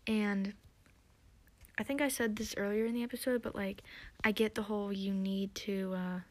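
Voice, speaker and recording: A young woman hosting a podcast, recapping and theorizing in a chatty, excitable way with lots of fillers. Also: medium pitch, moderate pace, dry recording. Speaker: podcast host.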